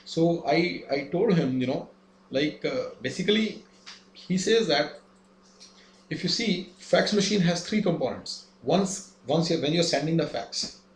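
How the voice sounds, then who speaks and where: A man's voice: on the high side, a little hiss or hum. A man giving a lesson, explaining step by step and asking rhetorical questions. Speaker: instructor. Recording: echoey room, faint ambience.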